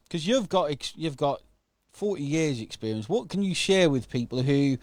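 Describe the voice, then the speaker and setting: An enthusiastic man hosting a casual interview, his voice sitting a little high. He talks in loose, eager runs and keeps tagging his points with "okay?". The sound is dry, with no room around it. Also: animated, moderate pace, no echo. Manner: enthusiastic, uses "okay?" often. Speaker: host.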